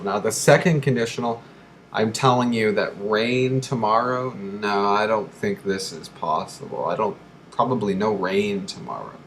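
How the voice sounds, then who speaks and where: Male grammar teacher, slow and deliberate delivery, repeats examples, faint background hiss. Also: on the low side. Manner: slow, deliberate, repeats key phrases for learners. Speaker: English teacher. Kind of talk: grammar lesson.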